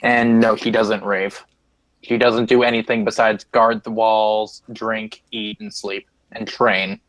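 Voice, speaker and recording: A man's voice: lowish voice, little pitch movement, a bit bright, no room sound, low-quality recording. A young man running a tabletop game as game master, talking casually with frequent halts and swearing. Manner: casual, halting, swears freely.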